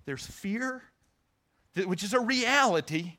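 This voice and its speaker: High, bright-voiced male preacher. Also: animated, takes it slowly. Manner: earnest, teaching, with frequent restarts and repeated words. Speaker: pastor. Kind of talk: sermon.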